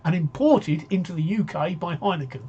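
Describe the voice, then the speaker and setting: A man's voice: sits high, normal speed, warm tone, husky, muffled recording. A man hosting a casual live-stream talk show, rambling and joking as he reads out viewer comments.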